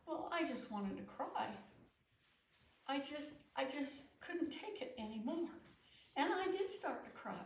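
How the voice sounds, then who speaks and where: A middle-aged woman telling a story in first person as a pioneer woman, expressive and emotive. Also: high-pitched, unhurried. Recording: echoey room from far off with faint hum.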